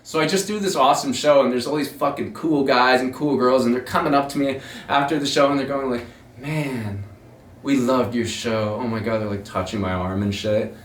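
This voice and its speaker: A man's voice: mid-range voice, fast, reverberant, distant mic, a little hiss or hum. A man hosting his own show, telling a long personal story in a rambling, profane, self-mocking way. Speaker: podcast host telling a story. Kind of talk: casual storytelling monologue.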